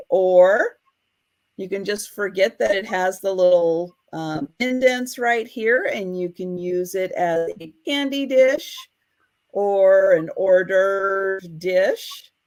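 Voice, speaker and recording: A woman co-hosting a live online vintage sale, describing each piece carefully with frequent ums and pauses, streaming over a home internet connection. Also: mid-range voice. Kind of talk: live online sales chat.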